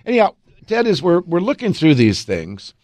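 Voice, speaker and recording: A man's voice: on the high side, no echo. A man hosts a law talk show on the radio. He is folksy with his listeners and his voice rises and falls a lot. He speaks close on a studio mic in a dry, dead room. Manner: animated and folksy, keeps addressing listeners as folks; reads legal statutes aloud slowly. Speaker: estate and elder law attorney, radio host.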